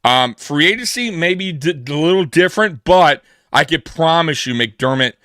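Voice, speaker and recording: Dude co-hosting a sports show, fired up, bright tense voice, dry close sound. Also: male voice, on the high side, lively intonation, normal speed, dry recording. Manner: emphatic, repeats himself, acts out quoted dialogue. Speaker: podcast co-host. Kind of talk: casual sports talk. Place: live pregame stream.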